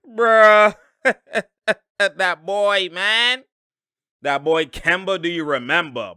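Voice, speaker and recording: A man with a bright, clear, slightly high voice talks through basketball game film in a loose, slangy way. He is animated, laughs often and mimics players' reactions. The sound is dry and close. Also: very slow, long pauses, no echo. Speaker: basketball analyst and channel host. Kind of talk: casual game-film breakdown commentary.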